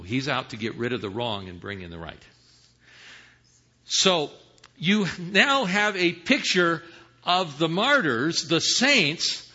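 Male preacher teaching scripture, husky and very bright, lively pitch, dull lo-fi recording. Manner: teaching Bible verses with rhetorical questions; swings from hushed to emphatic. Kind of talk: sermon. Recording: dull lo-fi sound.

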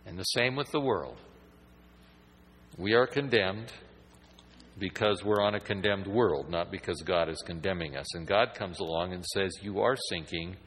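A man's voice: low voice, normal speed, fairly bright tone, in a large hall, slight background noise, poor audio. A man preaching a sermon in a conversational, rambling way that builds to emphatic points.

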